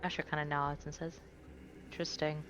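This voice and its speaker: A woman's voice: deep voice, a little slow, vocal fry. A woman playing a tabletop game, describing her character's actions casually. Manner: casual, laughing easily. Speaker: player.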